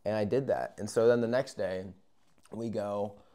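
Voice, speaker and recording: A young man telling a casual, rambling story, acting out moments with yells and whispers. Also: on the low side, steady tone, moderate pace. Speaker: vlogger.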